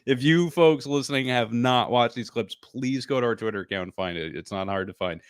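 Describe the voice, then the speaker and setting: A man's voice: medium pitch, fairly quick, clean tone, no echo. A man co-hosting a casual sports podcast, ranting with incredulous, mocking quoted voices. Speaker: podcast co-host.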